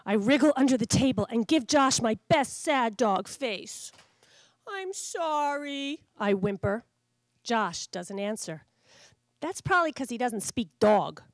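A woman, a children's author, reading her storybook aloud in an animated, expressive way at a public library. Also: a little high, no echo.

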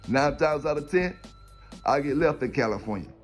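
A man's voice: on the high side, lively intonation, unhurried, soft background music. Streetwise man, rambling vlog talk. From South Carolina. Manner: rambling, preachy, streetwise slang. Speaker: dog kennel owner. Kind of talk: casual monologue vlog.

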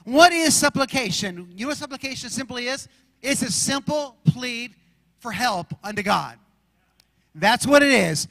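A man's voice: very high voice, expressive, normal speed, vocal fry, sharp tone, dry recording, big-room sound, poor audio. A male pastor preaching a sermon, emphatic, and slipping into chatty storytelling. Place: large church sanctuary.

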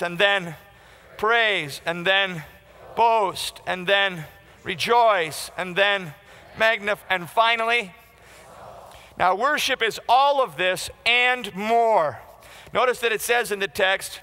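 Male pastor, high bright voice, punchy conversational sermon, long hall reverb. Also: slow pace. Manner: emphatic, conversational preaching with quoted asides.

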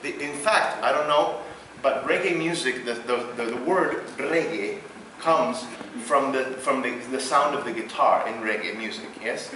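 A native Spanish speaker with a Venezuelan accent leads a vocal workshop in a large hall, explaining in halting, filler-heavy English and breaking into sung syllables. His voice is medium-pitched. A far room mic captures him distantly, with heavy echo and background noise.

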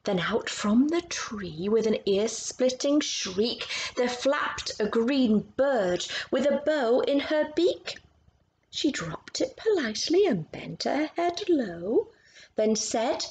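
A woman reading a picture book aloud to children, expressive and stopping to ask about the pictures. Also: a little high, takes it slowly, slight background noise, low-quality recording. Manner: expressive, asks listeners questions about the pictures. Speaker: storytime reader.

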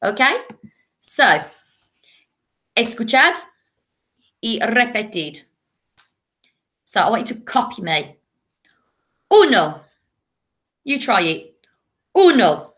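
A woman teaching a remote lesson to young children, drilling words patiently with clear call-and-repeat. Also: fairly high pitch, lively intonation, slow, long pauses, pushed and bright. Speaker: primary school teacher.

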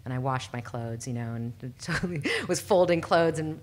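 A woman guest telling stories in a casual chat, animated, laughing often and acting out the people she quotes. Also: rumbling low, normal speed. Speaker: podcast guest, performer.

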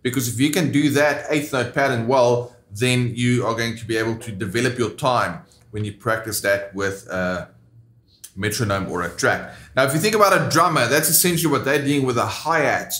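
A man teaching guitar in a roomy, echoing space, his voice sitting at an ordinary middle pitch. He explains each step plainly and counts the beats out loud as he goes. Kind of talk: instructional lesson.

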